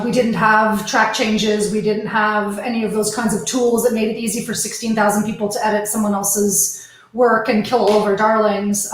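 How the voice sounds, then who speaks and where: A woman with a Canadian accent co-hosting a casual book chat, outspoken and opinionated, with quick asides. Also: fairly high pitch, a little hiss or hum. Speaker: podcast co-host. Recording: very echoey room.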